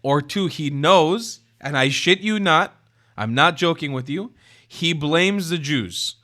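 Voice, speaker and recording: A man's voice: fairly high pitch, expressive, bright, forceful tone. A man hosting a live stream who talks bluntly and swears, often breaking into mock crying and laughter. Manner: fast, brash, blunt talk to callers. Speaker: livestream host. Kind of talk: casual live-stream debate chat.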